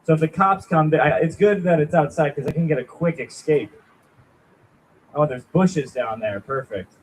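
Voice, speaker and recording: A man's voice: a little high, moderate pace, a little hiss or hum, rough recording. A young man doing a rambling, self-deprecating stand-up set at a small open mic, chatting with the crowd. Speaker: stand-up comic.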